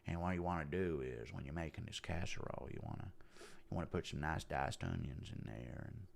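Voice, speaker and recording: A man doing a laid-back movie star with a put-on Texas drawl, low, slow and breathy. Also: expressive, full character voice. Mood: laid-back musing.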